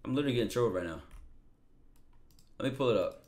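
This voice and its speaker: A man's voice: mid-range voice, lively intonation, quick pace, darkish tone. A man streaming, reacting to a clip and talking to his chat emphatically, repeating himself.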